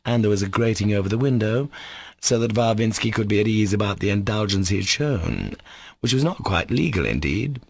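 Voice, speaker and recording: A low-pitched man reads a classic novel aloud at a measured pace. His voice carries heavy fry and a husky grain. The recording is close and completely dry. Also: expressive, dry recording. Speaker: audiobook narrator. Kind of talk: scripted narration.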